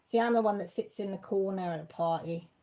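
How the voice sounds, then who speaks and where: A woman's voice: mid-range voice, fairly quick. A woman hosting a casual live-stream craft chat from home, chatty and emotional, close to tears as she thanks viewers. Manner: chatty, warm-hearted, emotional and teary. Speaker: craft channel host.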